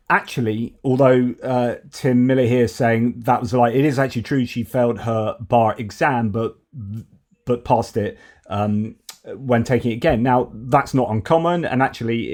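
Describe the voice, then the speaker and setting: A man's voice: medium pitch, a little mellow. A man giving casual political commentary, chatty, with many fillers and restarts.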